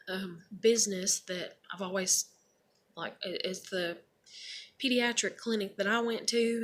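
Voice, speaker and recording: A woman's voice: medium pitch, fairly bright tone, a little hiss or hum. A young woman casually telling a personal story, rambling and blunt, with lots of fillers and casual swearing. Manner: rambling, heavy on fillers like "like" and "you know". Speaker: vlogger.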